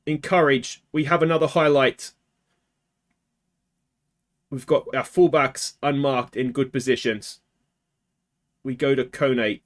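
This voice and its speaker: An Australian man hosting a let's play, talking casually through a game and swinging from quiet muttering to anguished shouts. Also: mid-range voice, steady tone, slow, long pauses.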